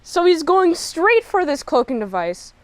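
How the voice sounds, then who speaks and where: A woman giving a casual, chatty spoiler review of a TV episode, animated and quick to laugh. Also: very high-pitched, no room sound. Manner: chatty, animated, laughs often, acts out characters' lines.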